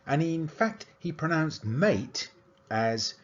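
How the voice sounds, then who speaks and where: A man giving an academic lecture as a university lecturer, explaining an analysis in a steady, methodical way. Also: mid-range voice, a little slow, slightly rough, highs cut off. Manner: explanatory, analytical delivery with lively intonation.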